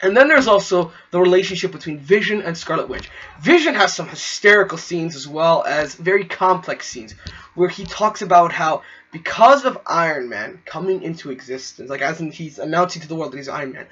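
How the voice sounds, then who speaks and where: A young man giving a gushing, animated spoiler review of a movie, full of fillers and quick acted-out quotes. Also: on the high side. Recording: dull lo-fi recording.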